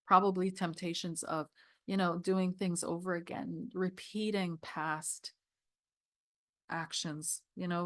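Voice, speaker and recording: A woman's voice: on the low side, no room sound, clean studio sound. A woman reviewing a tarot deck, reading scripture passages aloud and talking with emotional, tearful awe. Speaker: tarot reader.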